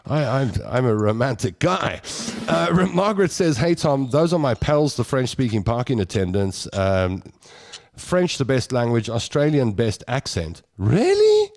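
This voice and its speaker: A man's voice: medium pitch, expressive, normal speed. A man hosting a radio show, chatting and laughing with his co-hosts and reading out listener comments. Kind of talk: casual studio banter.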